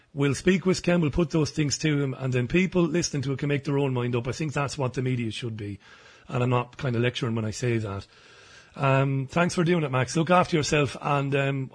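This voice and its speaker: Radio host guy, calm and conciliatory, kinda husky voice. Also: medium pitch. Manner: measured and conciliatory. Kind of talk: radio interview.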